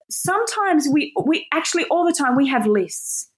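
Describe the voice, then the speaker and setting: Brief: woman Bible teacher, lively casual preaching, higher voice, quick laughs. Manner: animated, self-deprecating, laughs often. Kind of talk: casual sermon.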